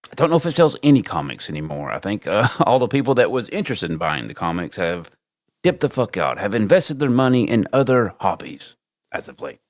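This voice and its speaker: Sarcastic host with a lively voice. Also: male voice, fairly low pitch, a little fast, no room sound, clean studio sound. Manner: mocking, sarcastic commentary. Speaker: show host reading donor messages. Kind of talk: live call-in show banter.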